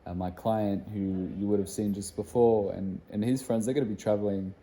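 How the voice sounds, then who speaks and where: Young male fitness coach vlogging; easygoing, rambling delivery, slightly low voice. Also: normal speed. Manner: relaxed, rambling, lots of fillers. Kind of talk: casual vlog talk to camera.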